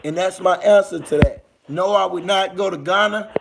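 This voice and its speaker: This high-voiced young man from the United States speaks at a moderate pace with some vocal fry, over background noise. Hosting a laid-back livestream in a Southern accent, he chats loosely with viewers using rambling street slang.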